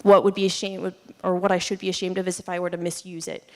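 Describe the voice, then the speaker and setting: A woman's voice: on the low side, flat delivery, fast, darkish tone. A young woman giving a casual student presentation, chatty with many fillers and frequent laughs. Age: young adult. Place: lecture hall. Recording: long reverb in a hall.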